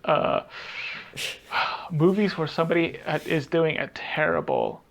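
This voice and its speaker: A man's voice: a little high, huge pitch swings, slow pace. A man co-hosting a podcast in casual chat, rambling and trailing off as he hunts for what he wants to say. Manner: rambling, trails off hunting for titles. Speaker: podcast co-host.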